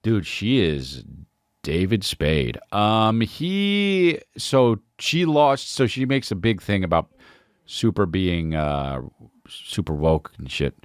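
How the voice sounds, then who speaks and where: A comedy podcast host rants and riffs casually, swearing a lot and constantly calling people "dude." His lowish voice is smooth and animated, and he speaks slowly. The recording is dry, with studio quality.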